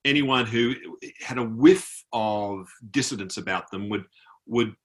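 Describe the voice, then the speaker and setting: A fairly low-pitched, unhurried male voice belongs to an Australian author appearing as a guest. He tells an anecdote during a video call conversation, doing impressions of the people he met.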